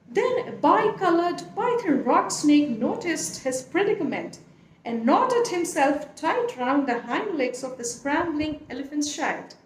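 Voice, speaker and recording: A woman reading a classic animal story aloud, with an expressive, lilting storyteller's manner. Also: sits high, measured pace. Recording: echoey room, faint noise.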